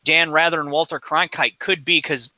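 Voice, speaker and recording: A man's voice: a little high, steady tone, normal speed, pushed and bright, no echo, low-quality recording. Blunt, profane man in his forties. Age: 40s. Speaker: podcast co-host. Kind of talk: casual chat.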